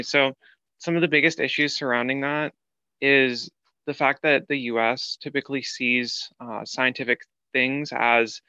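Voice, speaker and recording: A man's voice: mid-range voice, sharp tone, smooth, no room sound. A man from Canada speaking as a panelist, anxious and hesitant, rambling a little as he talks. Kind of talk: panel discussion. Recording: dull lo-fi sound.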